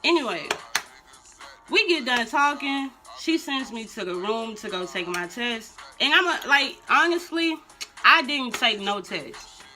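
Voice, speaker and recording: A young adult woman vlogger telling a storytime in blunt, slangy, animated casual talk. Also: on the high side, unhurried. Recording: music playing under the voice. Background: music.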